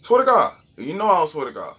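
Young male vlogger, husky tone, animated and heated, swearing freely while talking to the camera. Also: fairly high pitch, fast talker, highs cut off. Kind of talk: casual storytelling rant.

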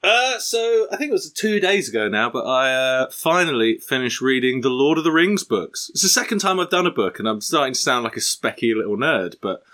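A man's voice: medium pitch, big pitch swings, fairly quick, few pauses, bright, forceful tone. A man hosting a podcast, bantering casually and joking at his own expense, recorded on a poor mic. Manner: joking, self-deprecating banter. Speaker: podcast host. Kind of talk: casual chat. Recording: poor mic, slightly distant.

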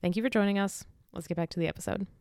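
A woman co-hosting a podcast, talking in a relaxed, friendly way with casual fillers. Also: mid-range voice, rapid-fire, faint music behind. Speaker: podcast co-host. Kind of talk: casual chat.

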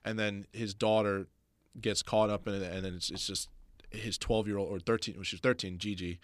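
A man talking as a guest on a podcast, fast and halting, with many restarts. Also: lowish voice, little pitch movement, no room sound. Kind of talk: casual podcast chat.

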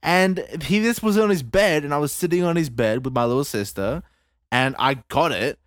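A man's voice: on the high side, moderate pace, no echo, clean studio sound. A young man, telling a childhood story in casual chat, swearing freely. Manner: animated storytelling, heavy swearing.

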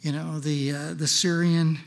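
A man with a high voice delivers a lively church sermon. He talks in a conversational way and keeps turning to his listeners with questions. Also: unhurried, vocal fry. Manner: animated, conversational, asks the congregation questions. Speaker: pastor.

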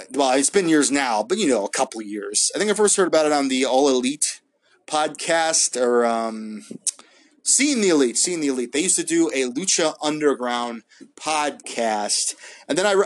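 Solo host, male, rambly casual review, lots of ums and restarts, voice sits a bit high. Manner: rambling, hesitant, many fillers and restarts, laughs often. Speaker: wrestling podcast host.

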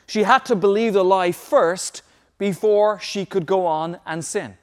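A pastor with a high-pitched male voice delivers an emphatic sermon. He presses his points and repeats key phrases so the congregation can write them down. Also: unhurried.

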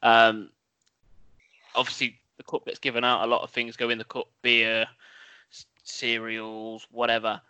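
A man's voice: mid-range voice, completely flat delivery, measured pace, pushed and bright, clear, resonant tone, no echo. A man co-hosting a casual podcast, chatty and jokey in his banter. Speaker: podcast co-host. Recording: dry, close sound.

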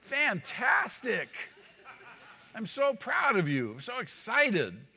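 An overexcited man, as a preacher puts him on, heaps on praise in a high, drawn-out, sing-song voice. The words stretch slowly, and the sound is bright. A long hall reverb trails every phrase. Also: huge pitch swings, creaky, heavily acted. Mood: mock gushing. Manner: exaggerated mock enthusiasm, drawn-out.

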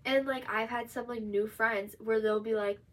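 A woman's voice: fairly high pitch, fairly even intonation, normal speed, recorded from a distance, a little hiss or hum. A young woman co-hosting a podcast, ranting bluntly and defiantly with plenty of swearing. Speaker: podcast co-host. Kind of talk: casual chat.

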